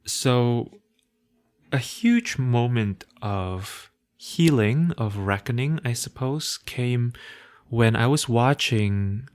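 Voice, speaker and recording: Male solo podcast host, non-native English speaker, hard-to-place accent, slow and reflective, mid-pitched. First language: not English. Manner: slow, thoughtful, with soft laughs and trailing quiet phrases.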